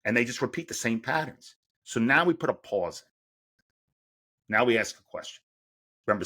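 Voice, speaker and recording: A middle-aged man who works as a mental performance coach explains his method in a podcast interview, posing rhetorical questions to himself along the way. His voice sits in the mid-range, fairly bright in tone and husky.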